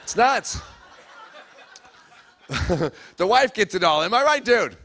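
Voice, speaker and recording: A man's voice: high-pitched, sing-song, takes it slowly, fairly bright tone. A middle-aged man doing a stand-up comedy routine in a church hall, teasing the live audience between jokes. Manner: crowd work, teasing the audience.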